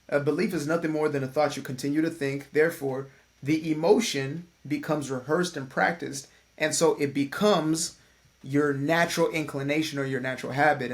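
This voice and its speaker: A man gives a laid-back motivational talk, his mid-pitched voice full of gravelly fry. He is a life coach who speaks conversationally, drops slang and throws in playful asides.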